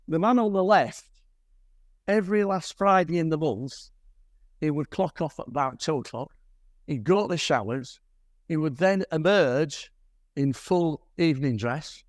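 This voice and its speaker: A man's voice: fairly high pitch, dry recording. Older man telling wry stories. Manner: chatty storyteller with dry wry humour. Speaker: guest presenter at a camera club. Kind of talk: slide talk with anecdotes. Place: club meeting room.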